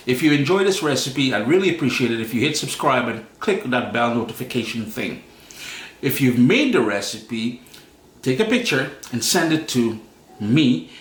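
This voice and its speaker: A man's voice: mid-range voice, fairly bright tone. A man with a Caribbean accent hosting a cooking demonstration in his home kitchen, chatting playfully to viewers with asides. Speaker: cooking show host. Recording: echoey kitchen with utensil clatter. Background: clinking dishes and cutlery.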